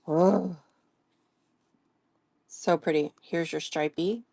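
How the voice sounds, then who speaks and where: A woman talks slowly and warmly to her live-stream viewers, greeting them by name and gushing softly. Her voice sits a little low. The sound is dry and close, with no room around it. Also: steady tone, vocal fry, no room sound. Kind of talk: casual live-stream product showing.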